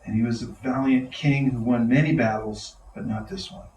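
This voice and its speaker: A man speaks to a gathered audience as a spiritual teacher, bursting with enthusiasm and breaking into laughter. His voice sits at a middle pitch. It rings through a roomy hall from a mic set well back, with faint noise underneath. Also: moderate pace, distant mic. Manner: enthusiastic, laughing, animated storyteller. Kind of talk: devotional talk to an audience. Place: large room with a live audience.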